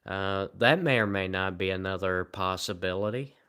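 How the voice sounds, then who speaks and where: A man with a Southern American accent and a low, smooth, resonant voice. He answers livestream comments in a loose, casual ramble, with flat, deadpan humor at his own expense. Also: moderate pace. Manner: rambling, deadpan and self-mocking. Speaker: live streamer.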